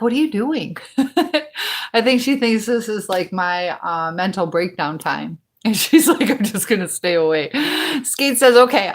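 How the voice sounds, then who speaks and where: A woman hosting a casual livestream from home, chatting in a rambling way and reading viewer comments out loud. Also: mid-range voice. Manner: chatty and rambling, full of fillers. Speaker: livestream host.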